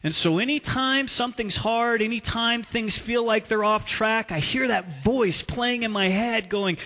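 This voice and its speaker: A male pastor preaching a sermon, telling stories in a slow, deliberate way. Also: high voice, sharp tone, big-room sound. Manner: slow, deliberate storytelling delivery.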